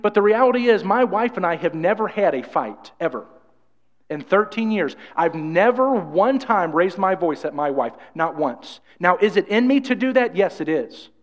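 A man preaches a sermon, rambling and restarting often. His voice sits high for a man. The recording is dull and lo-fi, with a long church-hall reverb. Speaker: pastor.

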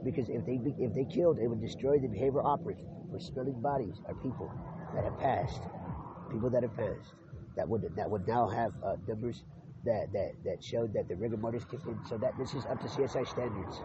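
A man's voice: mid-range voice, brisk. A man in a rambling spoken monologue who repeats words, restarts often and swears freely. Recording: muffled lo-fi with clear background noise.

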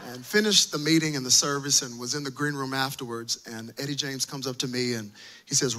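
A man in his thirties, a pastor from the United States, preaching a sermon to a congregation and telling a personal story with animated, comic delivery. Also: mid-range voice, normal speed. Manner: animated, comic storytelling with playful voice-acting of himself. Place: church service before a live congregation.

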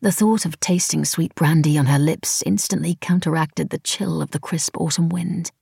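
A woman narrating a novel in the first person, with wry, even storytelling. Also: low voice, moderate pace, gravelly, husky, no echo, studio quality. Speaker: audiobook narrator.

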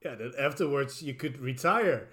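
A man's voice: mid-range voice, lively intonation, normal speed, bright, forceful tone. A man co-hosting a casual chat about video games, hesitant and stammering, often laughing as he talks. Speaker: podcast co-host.

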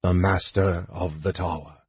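A man reading an audiobook voices a ghostly spectre that guards a tower, speaking slowly and coldly. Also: low voice, steady tone, darkish tone, breathy edge, no echo, full character voice. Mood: menacing. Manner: cold, slow, forbidding. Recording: dull lo-fi recording.

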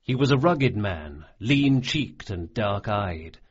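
Man, audiobook narrator, slow unhurried pace, animated pitch, muffled lo-fi sound. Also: husky. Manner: measured, expressive storytelling. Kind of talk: scripted narration. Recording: dull lo-fi audiobook recording.

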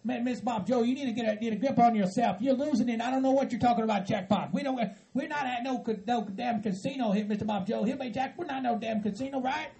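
A man voicing a level-headed hillbilly friend who pleads patiently and tries to calm everyone down. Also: very high-pitched, quick pace, creaky, few pauses. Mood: pleading. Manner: patient, pleading, repeats "Mister Bob Joe". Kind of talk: hobby comedy skit acting.

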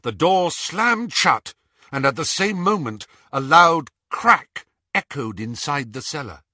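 A man reading a novel aloud as an audiobook narrator, with an expressive, dramatic delivery. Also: fairly high pitch, takes it slowly, no echo, clean studio sound. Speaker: audiobook reader.

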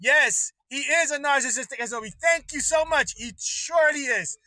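A man's voice: very high-pitched, moderate pace, pushed and bright, no room sound, low-quality recording. A man hosting a livestream, ranting casually with lots of swearing, restarts and laughter. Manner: profane, rambling, laughs often. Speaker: livestream host. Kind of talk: casual political rant.

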